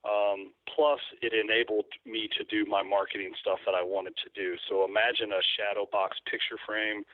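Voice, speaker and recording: On a tinny, dry phone line, a guest with a Kentucky accent, a turkey call maker, describes his work in casual interview talk. His fairly low-pitched voice is easygoing and rambling, with frequent ums.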